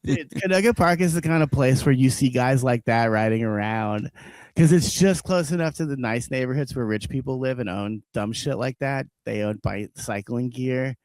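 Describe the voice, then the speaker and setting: A man's voice: medium pitch, moderate pace, darkish tone, no echo. A man co-hosting a casual podcast, ranting with heavy swearing and frequent laughter. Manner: profane ranting, laughs often. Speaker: podcast co-host.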